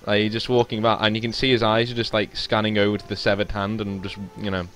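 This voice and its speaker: Rambling low-voiced man running a tabletop game. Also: flat delivery, fast, a bit bright. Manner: rambling, filler-heavy narration. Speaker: game master.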